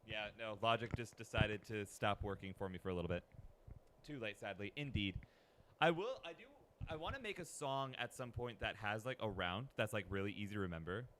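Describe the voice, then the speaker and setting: A man's voice: on the low side, expressive, fairly quick, a bit bright. A man chatting casually and playfully on a live stream, joking at his own expense.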